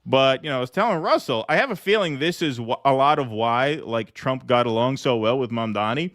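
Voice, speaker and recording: A man's voice: mid-range voice, lively intonation, fairly quick, a bit bright, dry recording, studio quality. A man co-hosting a political podcast, loose and joking, who laughs often. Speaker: podcast co-host. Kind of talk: casual political commentary.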